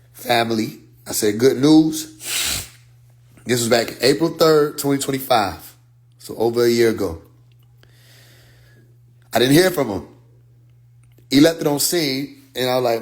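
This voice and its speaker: A man tells a story straight into a close mic. He acts out both sides of the exchange, cusses freely and climbs in pitch as he gets worked up. His voice sits in an ordinary middle range. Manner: animated, profane, quotes others in dialogue. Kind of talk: casual storytelling monologue.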